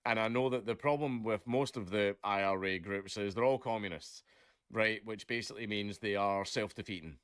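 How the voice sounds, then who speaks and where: A man's voice: on the low side, normal speed, fairly bright tone, smooth, no room sound, clean studio sound. A man ranting casually on a live stream, rambling and leaning on filler words, swearing often. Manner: rambling, leans on "basically" and "right?", swears a lot.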